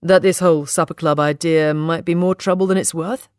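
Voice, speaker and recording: A woman voicing a male friend in an audiobook, brisk and matter-of-fact. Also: low-pitched, steady tone, darkish tone, clean tone, dry recording, studio quality, natural voice. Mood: blunt. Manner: brisk, matter-of-fact, talks over others. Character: man friend, blunt and quick to judge.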